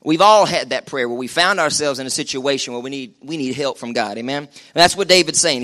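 A middle-aged man preaching a lively live sermon in a church. He jokes, chats and calls on the congregation to answer back. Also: medium pitch, fairly quick, hardly any pauses. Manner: joking, chatty, calls for crowd response. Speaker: pastor.

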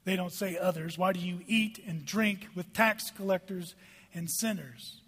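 Pastor, male, lively emphatic sermon, high voice, hall reverb. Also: a little slow, breathy edge. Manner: animated, emphatic preaching with dramatic drops to hushed tones.

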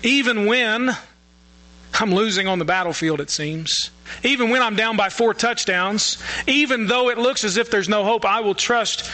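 A man's voice: high-pitched, normal speed, bright, forceful tone, rough recording. A man preaching a sermon as pastor, earnest and often restarting his phrases.

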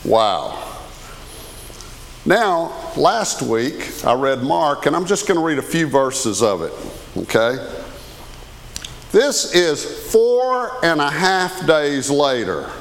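A man's voice: fairly high pitch, big pitch swings, takes it slowly, pauses often, a little hiss or hum. A man, preaching a conversational sermon as a pastor and often asking the congregation questions. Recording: long hall reverb.

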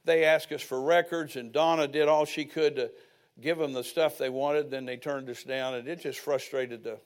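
A man's voice: medium pitch, steady tone, moderate pace. An older man preaching a sermon as pastor, telling personal stories with folksy asides.

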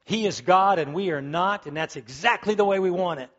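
A man's voice: high voice, brisk, fairly bright tone, dull audio. A man preaching a sermon, emphatic and fervent, repeating key words as he builds to strong peaks. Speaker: pastor.

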